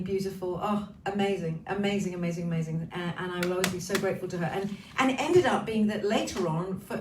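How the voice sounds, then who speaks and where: A woman's voice: on the low side, darkish tone. Cheeky, swearing woman in an echoey room. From Wales. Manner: chatty, cheeky, swears freely. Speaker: singer hosting a livestream. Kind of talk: casual chat greeting viewers. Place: her home. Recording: roomy echo, slightly distant mic, faint hiss.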